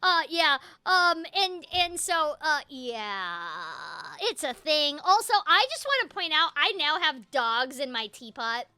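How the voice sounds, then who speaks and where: Young woman host, high and very bright voice, bubbly and scattered, dry close sound. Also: sing-song, slow, few pauses, dry recording. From Seattle. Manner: bubbly, jumping between topics, laughing often. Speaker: host, voice actor. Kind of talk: casual conversation.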